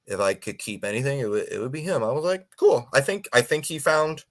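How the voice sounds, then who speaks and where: A man's voice: mid-range voice, big pitch swings, a little fast. A man co-hosting a casual movie review chat, often stammering on restarts. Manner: stammering restarts, laughs easily. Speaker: co-host.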